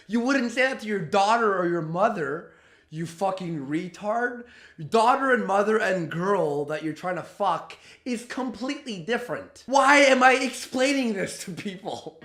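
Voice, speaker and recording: High-voiced man ranting in echoey room. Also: animated, a little slow, a bit bright. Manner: exasperated, profane, mocking. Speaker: commentary host. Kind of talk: ranting reaction commentary. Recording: roomy echo.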